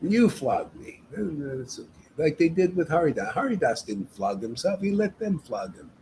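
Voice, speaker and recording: A man's voice: a little high, sing-song, moderate pace, darkish tone, a little hiss or hum, low-quality recording. A man leading a devotional meetup, preaching in an emphatic, casual way and often tagging his sentences with "man". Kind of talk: informal devotional sermon.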